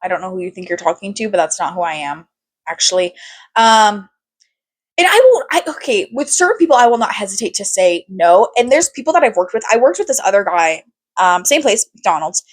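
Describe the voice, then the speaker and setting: A young woman hosting her own podcast in a loose, unscripted chat. She talks candidly and with animation, swears freely and fills her sentences with fillers. Her voice sits in a middle pitch for a woman. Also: sing-song, fairly quick. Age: young adult. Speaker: podcast host. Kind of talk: casual chat.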